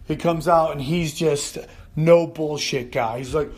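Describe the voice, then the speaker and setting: A man hosting his own podcast rants through a funny story in a voice that sits a bit high. He talks fast and with energy, and he breaks into loud yelling when he quotes the people in his story. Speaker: podcast host. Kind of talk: comedic solo rant.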